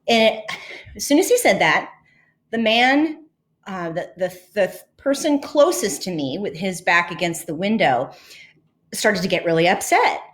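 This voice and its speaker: A woman's voice: medium pitch, animated, measured pace. A woman podcast host and leadership coach telling a personal story in an earnest, reflective way, with fillers and restarts.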